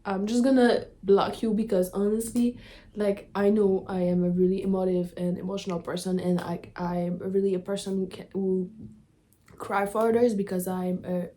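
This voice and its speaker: Young woman chatting in a halting, apologetic way. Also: mid-range voice, level tone, warm tone. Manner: halting, searching for words, apologetic. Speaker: reaction video host. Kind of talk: emotional reaction vlog chat.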